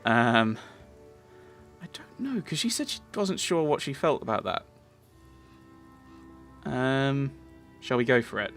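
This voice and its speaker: A man's voice: medium pitch, sing-song, takes it slowly, pauses often, a bit bright, faint music behind. A man casually commentating his game playthrough, rambling with lots of restarts. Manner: rambling, chatty, many fillers and restarts. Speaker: let's play host.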